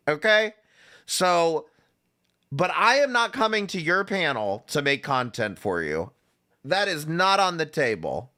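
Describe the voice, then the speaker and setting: A man's voice: a little high, pushed and bright, smooth. A man streaming reaction commentary, sarcastic and profane in a casual way.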